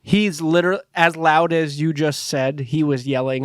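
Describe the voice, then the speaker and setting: A man's voice: fairly high pitch, normal speed, clean tone, no room sound, studio quality. A man co-hosting a podcast, teasing his friend and joking around in casual chat. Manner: teasing, jokey. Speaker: podcast co-host.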